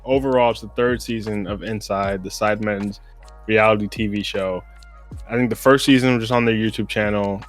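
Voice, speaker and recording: Low, laid-back American podcast host. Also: male voice, steady tone, a little fast, faint music behind. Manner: rambling, laid-back, lots of "bro". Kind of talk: casual sports podcast chat.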